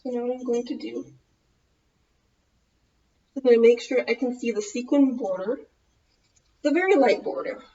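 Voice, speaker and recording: A woman's voice: fairly high pitch, moderate pace, long pauses, warm tone, dull audio, a little hiss or hum. Rambling woman with a Minnesotan accent. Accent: Minnesotan American. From United States. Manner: rambling, loses her thread, self-correcting. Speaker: vlogger. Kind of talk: casual tutorial chat.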